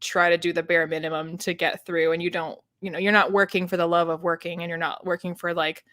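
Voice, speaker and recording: A woman's voice: lowish voice, flat delivery, quick pace, a bit bright, no echo. A woman co-hosting a casual live book discussion, rambling with many fillers. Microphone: home streaming setup.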